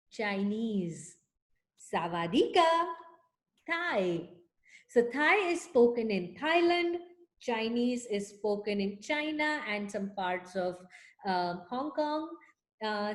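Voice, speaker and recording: A young woman music teacher speaking to children, explaining words slowly with fillers like "um" and "uh". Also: medium pitch. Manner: sings a greeting song, then explains gently with fillers. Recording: echoey room.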